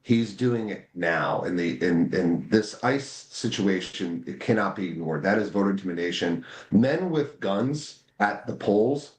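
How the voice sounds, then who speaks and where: An American man, a voting rights advocate, speaks as a guest in a political interview with impassioned energy, repeating words when he gets heated. His low, animated voice keeps a measured pace with hardly any pauses, and the sound is roomy.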